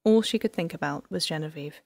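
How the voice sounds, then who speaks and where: Low gravelly woman reading a novel. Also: no room sound, clean studio sound. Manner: even, measured storytelling. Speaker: audiobook narrator. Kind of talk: scripted narration.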